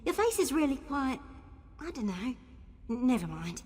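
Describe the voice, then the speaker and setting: An actress playing a plucky, brisk female ally in a fantasy game, with a New Zealand accent and a breathy voice. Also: high-pitched, sing-song, a little mellow, long reverb tail, full character voice.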